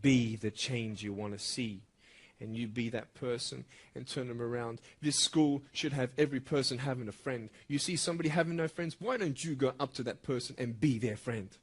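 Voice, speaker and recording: A man delivering a motivational speech at a school assembly, emphatic and swinging from loud bursts to hushed intensity. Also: mid-range voice, moderate pace, breathy edge. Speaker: motivational speaker.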